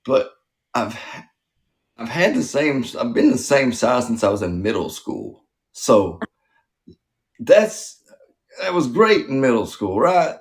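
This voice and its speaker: A male comedy host banters crudely, swearing often and making fun of himself. His voice sits mid-pitch with a gravelly, creaky edge. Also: very animated. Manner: profane, self-deprecating, quick jokes.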